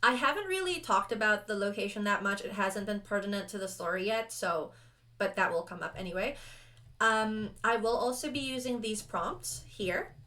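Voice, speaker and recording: A woman's voice: medium pitch, moderate pace. Chatty young woman running a solo game. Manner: chatty, tangent-prone, animated, self-deprecating. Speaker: solo roleplayer and video host. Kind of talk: casual actual-play chat.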